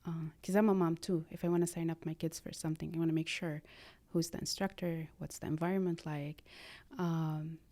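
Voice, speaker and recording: A woman, speaking earnestly and haltingly as a podcast guest, slipping in phrases. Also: deep voice, fairly even intonation, dark tone. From Lebanon. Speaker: guest, art therapy practitioner. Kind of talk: conversational podcast interview.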